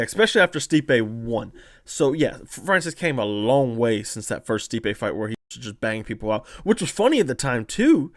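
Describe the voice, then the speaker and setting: A man hosting a casual fight-analysis stream, reading chat comments and talking in an animated way with lots of fillers and restarts. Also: fairly high pitch, no room sound, studio quality. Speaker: podcast host analyzing fights.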